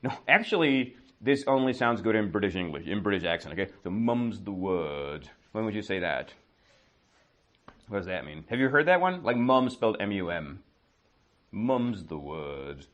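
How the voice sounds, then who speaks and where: A man teaching idioms in an English class, joking and quizzing his students, slowing down and going quiet on the example phrases. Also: fairly low pitch, very animated, dull audio.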